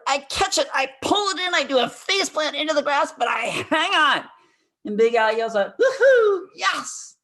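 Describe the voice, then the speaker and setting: A man in his sixties giving a storytelling speech at a speaking club, animated, swinging from loud excitement to hushed tones. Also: high voice.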